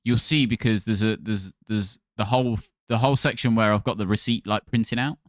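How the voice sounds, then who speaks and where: A man's voice: on the low side, fairly even intonation, fairly quick, no room sound, clean studio sound. Chatty man streaming games. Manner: chatty, thanks followers by name. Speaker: livestream gaming host. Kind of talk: casual livestream chat with viewers.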